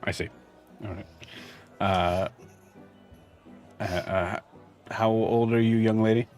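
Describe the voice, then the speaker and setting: A man's voice: lowish voice, steady tone, slow pace, darkish tone, faint music behind. A man playing a flustered, hesitant city guard. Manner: hesitant, lots of ums and stalling.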